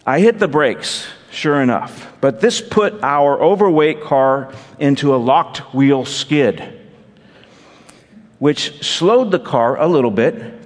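Pastor guy telling a story at church, a bit high voice, wry little asides, big hall echo. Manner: storytelling, self-deprecating humor, asides to congregation. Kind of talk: sermon with personal story.

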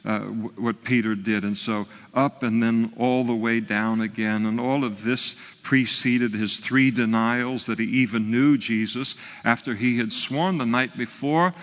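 A man's voice: medium pitch, fairly even intonation, a little slow, hardly any pauses, a bit bright, big-room sound. A man preaching a sermon, retelling a story in a conversational way with frequent fillers and restarts. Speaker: pastor.

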